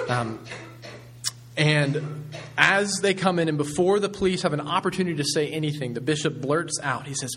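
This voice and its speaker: Male pastor, somewhat high voice, measured sermon storytelling with fillers. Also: a bit bright, a little hiss or hum.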